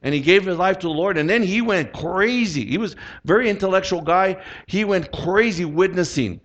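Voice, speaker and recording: A male pastor delivers a sermon in a fairly high voice. He tells a personal story and slips into animated, acted-out dialogue along the way. The sound is dull and lo-fi, as if taken from a church recording. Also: a little fast.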